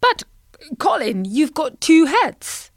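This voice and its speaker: A woman plays a jolly male frog in a storybook, calling out brightly and coaxing the others along. The voice jumps up high, sounds loud and lively, and is recorded dry and close. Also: takes it slowly, no room sound, heavily acted.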